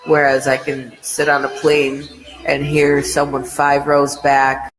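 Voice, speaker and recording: A man's voice: a little high, completely flat delivery, slow pace, long reverb tail, over music, rough recording. A man co-hosting a podcast, chatting casually in a rambling way and swearing freely. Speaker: podcast co-host. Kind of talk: casual chat.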